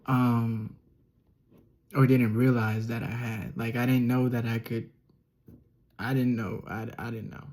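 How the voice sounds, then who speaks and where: A young man telling a personal story as a relaxed podcast monologue, slightly nasal and often chuckling or trailing off. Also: medium pitch, measured pace, pauses often. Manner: laid-back, chuckling, trails off with ums. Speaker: podcast host.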